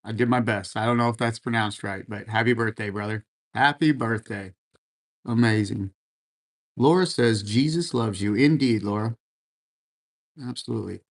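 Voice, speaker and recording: A man's voice: fairly low pitch, normal speed, long pauses. A man hosting a casual livestream, reading out viewer comments and answering in a laid-back, encouraging way, often calling people man and brother. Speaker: livestream host. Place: room at home full of racing gear.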